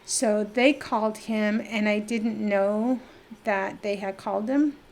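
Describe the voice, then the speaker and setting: A middle-aged woman from New Mexico, a podcast guest telling a personal story in conversation, lively and full of fillers, acting out the dialogue she recalls. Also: mid-range voice, slow, slight background noise. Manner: lively, acts out quoted dialogue, many fillers.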